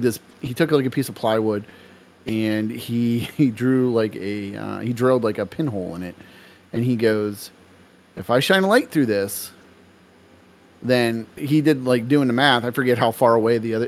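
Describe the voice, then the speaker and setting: A man's voice: medium pitch, normal speed, a little mellow. A young man co-hosting a casual podcast, telling a long story with lots of fillers and laughter. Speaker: podcast co-host.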